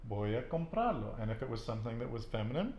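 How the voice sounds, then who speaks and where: A man in a relaxed language lesson, quizzing a student and echoing back each answer with encouragement. His voice sits at an ordinary pitch. The room gives it a noticeable echo, with faint ambient noise behind. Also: quick pace. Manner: patient, encouraging, asks and repeats answers. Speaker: Spanish teacher.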